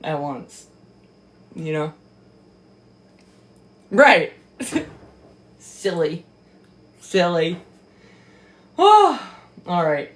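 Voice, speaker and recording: A woman giving casual reaction commentary on a book, mocking, profane and quick to exclaim and laugh. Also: sits low. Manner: laughs often.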